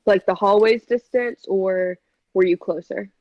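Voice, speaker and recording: A woman's voice: medium pitch, steady tone, unhurried, no room sound, lo-fi sound. A woman acting as game master, narrating a tabletop game with many hesitant fillers.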